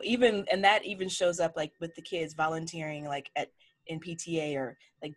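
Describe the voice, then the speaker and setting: A woman's voice: sits low, brisk. A woman of forty, a chef, telling stories frankly in a casual interview and acting out what people said. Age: 40s. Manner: frank, animated storytelling with acted-out quotes. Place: home office lined with cookbooks.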